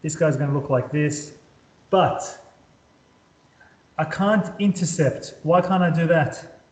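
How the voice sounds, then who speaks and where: A man's voice: on the high side, takes it slowly. A man tutoring calculus at a whiteboard who repeats words as he draws and keeps quizzing his student. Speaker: maths tutor. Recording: echoey room.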